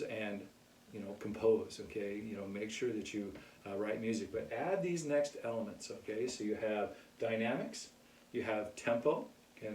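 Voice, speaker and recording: Relaxed male music teacher, mellow voice, recorded from a distance in an echoey room. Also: lowish voice, slight background noise. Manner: relaxed, keeps checking in with "okay?". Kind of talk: casual music lesson. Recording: echoey room, mic far off.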